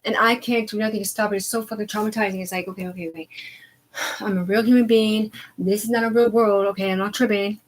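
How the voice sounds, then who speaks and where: A woman ranting on a live stream, agitated and profane, rambling in disjointed bursts that sink to quiet mumbling. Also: mid-range voice, steady tone, fast, poor audio. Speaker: livestreamer. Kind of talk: unscripted live stream rant.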